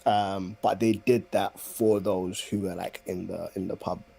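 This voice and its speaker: A man, a podcast regular, bantering loudly in casual slang-filled chat. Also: deep voice, flat delivery, a little slow, creaky, breathy edge. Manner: loud, joking, slangy banter.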